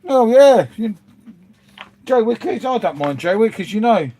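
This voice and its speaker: A man's voice: sits high, expressive, normal speed, a little mellow, breathy edge. A man hosting a casual livestream at home, rambling chattily and calling his viewers mate. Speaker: livestream host reading chat. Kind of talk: casual chat with live viewers. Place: at home making a hot drink.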